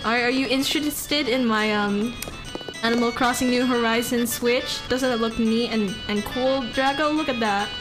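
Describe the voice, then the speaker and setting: A woman streaming a game live, chatting playfully, giggling and letting out excited yelps. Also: a little high, moderate pace. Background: game music.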